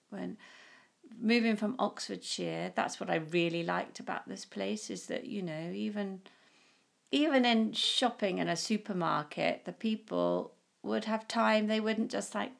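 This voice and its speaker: A woman's voice: medium pitch, creaky. A middle-aged woman from England chatting easily with her son on a podcast, laughing often and speaking fondly. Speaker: guest. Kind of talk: casual chat.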